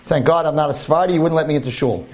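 A man's voice: a little high, very fast, darkish tone. A man giving a storytelling holiday sermon, humorous and preachy by turns. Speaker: speaker at a holiday talk.

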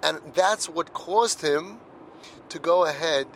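This slow, gravelly voice, pitched a little high, belongs to a middle-aged man giving an earnest, heartfelt monologue about parenting. He tells personal stories and repeats words for emphasis. Audio is poor, with a little hiss or hum.

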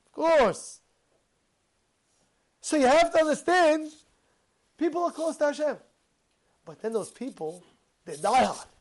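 Male speaker, informal sermon, animated and questioning, stumbles and repeats as he goes. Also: extremely high pitch, unhurried, long pauses. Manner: animated, full of rhetorical questions; repeats and restarts words. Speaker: religious speaker. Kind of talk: informal religious talk.

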